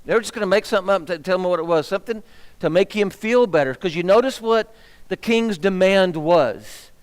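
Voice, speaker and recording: In a church hall with a long echo, a minister teaches a Bible class in a high, brisk, clean-toned voice. He's animated, quizzing the room and getting fired up as he goes.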